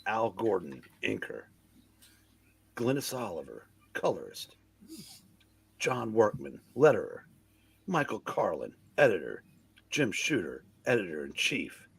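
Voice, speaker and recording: A man with a gravelly voice narrating a comic book read-aloud slowly and deliberately. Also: low-pitched, huge pitch swings. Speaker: narrator in a reading group.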